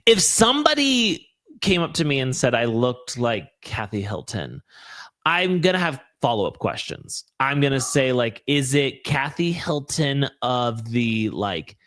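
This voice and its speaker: A male podcast host talks in a loose, gossipy way, full of fillers and quick asides. His pitch swings widely as he talks. The sound is close and dry, with no room around him. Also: big pitch swings, a bit bright, no room sound. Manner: chatty, lots of fillers, playful asides. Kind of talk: casual chat.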